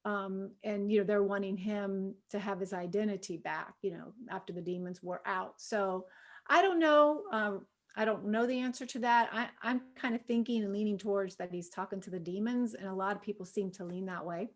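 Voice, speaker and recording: A middle-aged woman leading a women's Bible study in a relaxed, conversational way. She uses lots of "you know" fillers and bursts out loudly when she acts out quotes. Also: medium pitch, normal speed.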